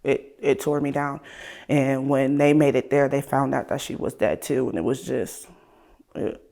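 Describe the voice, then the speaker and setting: A woman from Ohio, a guest in an interview, speaking candidly and casually, her voice sometimes trailing off softly. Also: a bass voice, fairly even intonation, moderate pace, creaky. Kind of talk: emotional personal interview.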